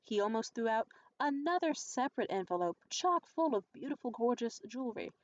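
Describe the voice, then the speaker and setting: A young adult woman in a casual vlog monologue, telling stories in a blunt, profane and animated way. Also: on the high side, fairly quick, dull audio, a little hiss or hum. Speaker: vlogger.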